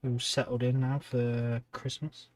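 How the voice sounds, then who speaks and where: A man's voice: medium pitch, level tone, a little slow, darkish tone. A tired man hosting a hobby livestream, chatting casually and rambling with lots of ums while he paints. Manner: rambling, chatty, many ums and restarts, reading out chat.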